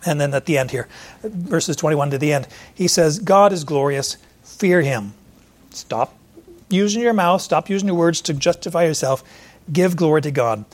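A pastor with a slightly raised, fairly high, expressive voice preaches an expository sermon verse by verse at a moderate pace. He talks it through conversationally, hunting aloud for verse numbers with fillers, and now and then turns to ask a listener questions directly.

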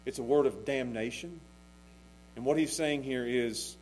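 A man preaching a sermon as pastor, passionate, swinging between loud pleading and hushed intensity. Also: mid-range voice, measured pace, a little hiss or hum, rough recording.

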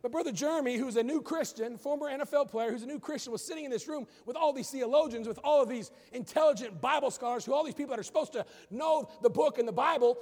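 A man preaching a sermon as a pastor, building from calm teaching to emphatic, shouted declarations. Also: extremely high pitch, fast, hardly any pauses, in a large hall. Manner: preaching with rising emphatic outbursts.

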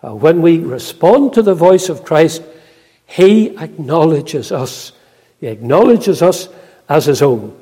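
A male preacher delivers a sermon, reading scripture slowly and solemnly before expounding on it with many "uh" fillers. His voice sits somewhat high but dark and husky in tone. A long church-hall reverb trails behind every phrase. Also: animated.

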